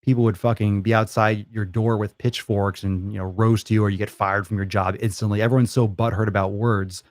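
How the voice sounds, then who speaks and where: A man's voice: on the low side, flat delivery, brisk, darkish tone, no echo, clean studio sound. Blunt, profane male fitness host. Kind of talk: casual listener Q&A.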